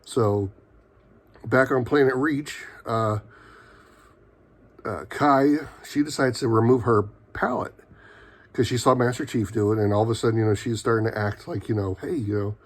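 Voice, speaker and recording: A man's voice: medium pitch, normal speed, pauses often. A man giving a casual, rambling recap of a TV episode, full of fillers and quoted lines. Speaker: TV show reviewer.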